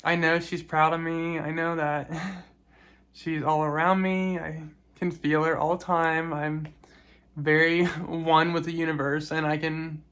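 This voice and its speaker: A woman talking in a personal vlog, soft and reflective, grieving, with small laughs between her words. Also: low voice, little pitch movement, measured pace, clean tone. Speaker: vlogger.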